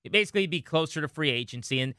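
Hoarse, animated sports radio host man. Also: on the high side, rapid-fire, dry recording, studio quality. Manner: opinionated, emphatic rants. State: hoarse from a cold, cracking when he laughs.

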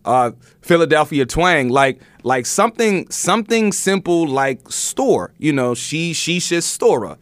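Man, podcast host, casual headline chat, somewhat high voice, dry close sound. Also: animated, measured pace, no echo. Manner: chatty, laughs often, many restarts.

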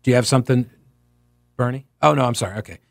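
A man's voice: mid-range voice, fast, gravelly, no room sound. A man hosting talk radio, arguing his points with rhetorical questions and restarts, speaking into a studio microphone. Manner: animated, argumentative, with frequent restarts and rhetorical questions. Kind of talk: opinionated talk radio commentary.

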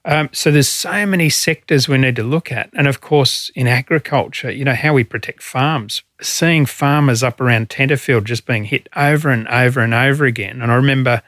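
An Australian man in middle age answers interview questions in an earnest, feeling way, pausing on fillers as he thinks. His voice sits at an ordinary pitch and is recorded close and dry, with no room sound. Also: fairly bright tone, no echo. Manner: earnest, emotional storytelling, frequent fillers. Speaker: former fire commissioner.

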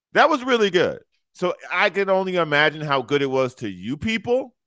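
Wry, animated radio co-host. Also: male voice, a little high, no room sound, studio quality. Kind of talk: casual sports talk radio. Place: radio studio.

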